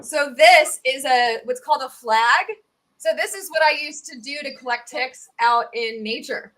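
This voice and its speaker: A woman with a Southern US accent, a tick researcher chatting as a guest in a casual video podcast, animated and full of quick asides. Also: high-pitched.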